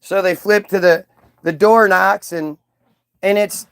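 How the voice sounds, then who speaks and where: A man's voice: sits high, fairly even intonation, unhurried, fairly bright tone, smooth. A man hosting a livestream, ranting casually to his chat in a heated, profane way with many restarts. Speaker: livestream host. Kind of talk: casual rant to a live chat.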